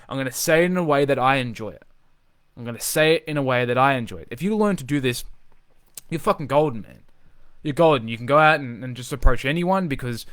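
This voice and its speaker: A man coaching in a live, unscripted video, talking with energy and driving points home by repeating himself, swearing as he goes. His voice is smooth and resonant at a middling pitch. The sound is dry and close. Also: no echo. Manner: energetic, emphatic, swears freely, repeats phrases for emphasis. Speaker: social confidence coach.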